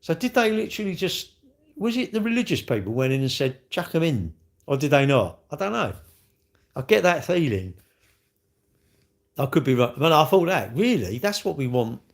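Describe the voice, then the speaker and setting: A man's voice: on the high side, big pitch swings, normal speed, creaky. A man chatting casually on a live stream, rambling cheekily and answering comments from chat.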